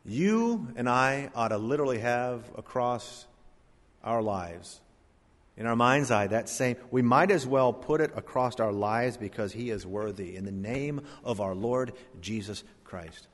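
A male pastor delivers a sermon with dramatic pauses and pushes his phrases up in force. His pitch swings widely and stays animated from line to line. The sound rings out with a long reverb from the church sanctuary. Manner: preaching with swelling emphasis and dramatic pauses.

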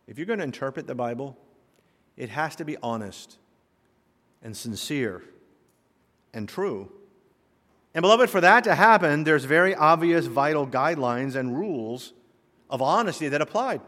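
A man from the American South preaches with a lively, swooping delivery, his voice pitched a little high for a man. He fires off rhetorical questions at his listeners. A long reverb trails behind him in a large hall. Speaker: pastor. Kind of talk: sermon.

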